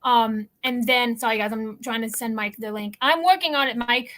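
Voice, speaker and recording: High, bright-voiced chatty woman. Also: moderate pace. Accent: non-local accent that others remark on. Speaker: co-host. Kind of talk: casual podcast chat.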